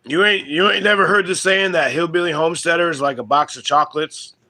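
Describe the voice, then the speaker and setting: A man hosting his homestead channel, chatting casually and crudely with viewers in a relaxed, rambling drawl. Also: a little high, a little fast. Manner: relaxed drawl with loose grammar and fillers. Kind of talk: casual livestream chat with viewers.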